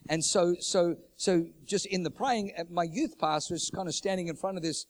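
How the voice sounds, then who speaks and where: A middle-aged man preaching a sermon, moving between loud, fervent declarations and hushed, low storytelling, repeating phrases for emphasis. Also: steady tone, moderate pace, slight background noise. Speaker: pastor.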